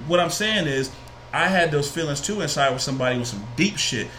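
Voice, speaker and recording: A man's voice: on the high side, brisk, roomy sound, slight background noise. A man with a New Jersey accent telling a personal story in casual, profane chat, acting out what people said. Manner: animated, profane, acts out quotes.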